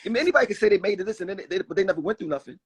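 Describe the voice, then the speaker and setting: A man's voice: high-pitched, animated, very fast, husky. A man in his forties from Philadelphia, telling personal stories in a rambling, emphatic way, full of restarts and "you know what I mean.". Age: 40s. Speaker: guest rapper. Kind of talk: candid personal storytelling.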